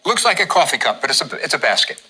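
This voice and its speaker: A man's voice: medium pitch, sing-song, fast, heavy background noise. A man teaching how to draw hieroglyphs, giving patient step-by-step instructions and repeating each step. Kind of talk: step-by-step drawing lesson.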